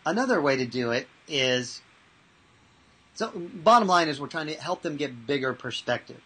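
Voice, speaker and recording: A man who works as a mental toughness trainer, answering interview questions and telling lively anecdotes with acted-out voices. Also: fairly high pitch, normal speed, breathy edge, rough recording. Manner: animated, acts out voices in anecdotes.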